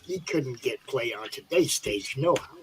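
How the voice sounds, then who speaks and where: A man hosting a live stream, chatting casually and loudly with friends, laughing often. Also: medium pitch, lively intonation, measured pace, a little hiss or hum, rough recording. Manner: loud, laughing banter. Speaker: stream host. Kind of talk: casual chat.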